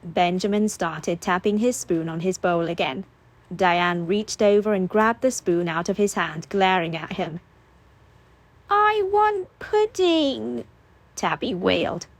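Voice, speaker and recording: A woman reading a novel aloud as an audiobook narrator, steady and expressive. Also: fairly low pitch, measured pace, no room sound.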